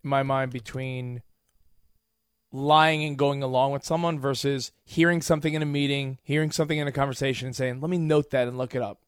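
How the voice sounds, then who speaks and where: A man on a talk show, calmly pushing back in casual banter. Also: mid-range voice, fairly quick, clean tone, no room sound, clean studio sound. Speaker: show co-host.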